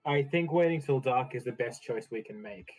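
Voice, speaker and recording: A man's voice: mid-range voice, moderate pace, darkish tone, soft background music, poor audio. A man chatting out of character with his tabletop group over a voice call, joking and laughing often. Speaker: player. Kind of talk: casual out-of-character chat. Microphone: online voice call.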